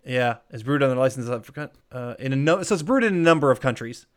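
A man co-hosting a podcast, recapping a film in casual chat, animated, with frequent laughs and rambling asides. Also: mid-range voice, fast. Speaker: podcast co-host.

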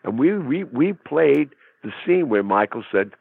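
A husky man telling a dramatic story in conversation, acting out quotes in a tough-talking way. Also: mid-range voice, very animated, unhurried, no echo. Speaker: interview guest. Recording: phone-like narrow sound, dry.

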